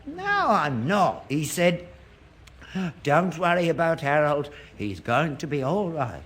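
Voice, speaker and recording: A man's voice: on the high side, sing-song, takes it slowly, a bit bright, heavily acted. An actor playing a gullible elderly father who talks earnestly about seances, in a broadcast sitcom. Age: older. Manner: earnest, credulous, indignant.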